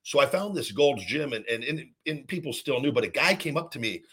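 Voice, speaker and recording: This podcast host, a former wrestler in his forties, spins a casual story that wanders and doubles back, with restarted sentences and repeated words. His mid-range voice sounds bright, forward, expressive, brisk, and a little rough.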